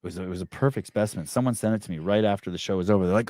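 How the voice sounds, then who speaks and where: A man's voice: lowish voice, racing, dark tone, no echo, clean studio sound. A man hosting a podcast in casual chat, reading live comments and ranting in a rambling, profane way with many restarts. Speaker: podcast host.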